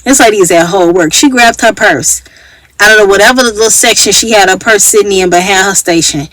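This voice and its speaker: A woman's voice: mid-range voice, fairly quick, fairly bright tone, no room sound, rough recording. Chatty woman telling a story, dry close sound. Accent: Chicago. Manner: chatty, acts out quoted voices. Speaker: vlogger. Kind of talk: casual storytelling.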